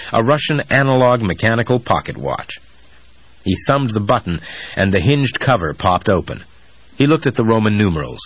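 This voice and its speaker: A male audiobook narrator reading a thriller in a steady, even way. His voice is deep and slightly husky. It is recorded close on a studio mic and sounds dry, with no room echo.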